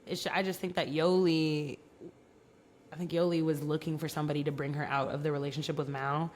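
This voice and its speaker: A woman's voice: low-pitched, little pitch movement, fairly quick, darkish tone, slight background noise. A young woman co-hosting a podcast, chatting frankly and giving her opinions. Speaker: podcast co-host. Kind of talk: casual chat.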